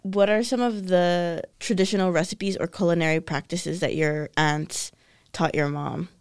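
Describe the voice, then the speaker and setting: A woman's voice: on the low side, steady tone, normal speed, clean tone, dry recording, clean studio sound. A woman hosting a casual interview, mostly listening and answering with short agreeing replies. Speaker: host.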